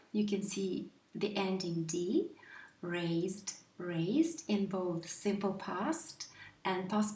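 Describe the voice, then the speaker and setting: A woman's voice: mid-range voice, reverberant, far from the mic. A woman teaching English grammar to viewers in a patient way, often stopping to ask them questions.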